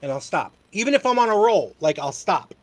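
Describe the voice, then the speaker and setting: A man's voice: high voice, sing-song, fairly quick, dry recording. A man hosting a casual chat show, telling stories in a rambling way with casual swearing. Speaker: host.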